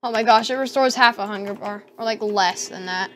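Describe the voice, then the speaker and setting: A woman's voice: medium pitch, a little fast, fairly bright tone, slight background noise. A woman giving casual let's-play commentary, talking to herself and squealing at danger. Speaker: gamer.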